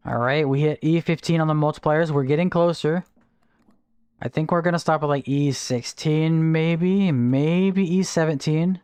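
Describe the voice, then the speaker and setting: A man's voice: a little high, moderate pace, darkish tone, clear, resonant tone, no echo. A man streaming a game live, chatting casually, answering chat and counting out spins, with no regional accent. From Texas. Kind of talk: casual live gameplay commentary.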